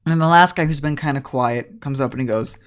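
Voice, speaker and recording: A man's voice: mid-range voice, quick pace. A man narrating a tabletop game as game master, moving between casual scene-setting and reading entries aloud.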